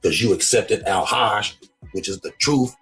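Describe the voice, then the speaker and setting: Brief: man playing a shaken young guy, high and swooping, rambling street slang. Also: sing-song, moderate pace, faint music behind. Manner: slangy, breathless, pleading.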